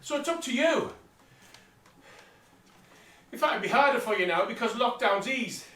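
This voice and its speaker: Breathy man on a bike. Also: very high-pitched, lively intonation, normal speed, a bit bright. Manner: blunt, plain-spoken, talks while pedalling an exercise bike. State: slightly out of breath. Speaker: vlogger. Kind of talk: casual motivational talk. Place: indoor room with exercise bike. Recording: roomy sound from a distant mic.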